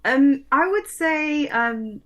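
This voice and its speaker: Hesitant, soft-spoken woman guest. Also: high voice, animated, slow. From lives in London. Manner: hesitant, many ums and restarts, laughing softly. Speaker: guest, English teacher. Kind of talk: casual interview chat.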